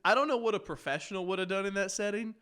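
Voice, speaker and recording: A man's voice: high-pitched, very fast, a bit bright, smooth. A young man, a comedian, telling a profane story on a podcast and laughing often. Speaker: stand-up comedian, podcast guest.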